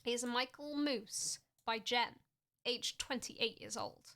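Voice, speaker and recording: A young woman streaming casually, joking in a deadpan way and often laughing as she talks. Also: a little high, slow pace. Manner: playful, deadpan jokes with frequent laughs. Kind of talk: casual stream chat showing fan art.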